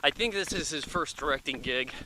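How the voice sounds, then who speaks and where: A man's voice: on the high side, brisk, background noise. A man in his thirties giving a casual, rambling movie review, chatty and offhand, thinking aloud with plenty of fillers.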